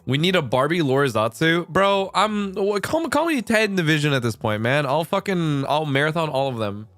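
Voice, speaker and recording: A man's voice: fairly high pitch, sing-song, moderate pace, a bit bright, no room sound, faint music behind. A young man streaming casual chat, rambling and swearing a lot, laughing often.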